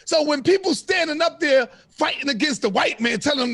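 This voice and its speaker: A man hosting a live-stream debate, loud, profane and preaching. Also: very high voice, animated, brisk, hardly any pauses, dry recording, studio quality. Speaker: host.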